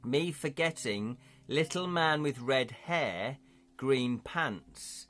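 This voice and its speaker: A man voicing a simple-minded, friendly male hobgoblin who speaks in broken, halting sentences. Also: medium pitch, lively intonation, a bit bright. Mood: earnest. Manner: broken pidgin grammar, slow halting delivery.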